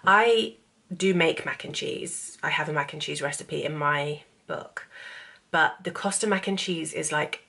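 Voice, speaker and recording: A woman's voice: low voice, measured pace, gravelly, pushed and bright, breathy edge. A woman in her thirties talking candidly to camera in a casual vlog, getting tearful and emotional as she rambles. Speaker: vlogger and author.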